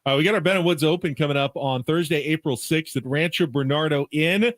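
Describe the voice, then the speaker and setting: A male sports radio co-host, relaxed and matter-of-fact, chatting and reading sponsor plugs in a studio. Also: a little high, brisk, no room sound. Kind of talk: radio chat and sponsor reads.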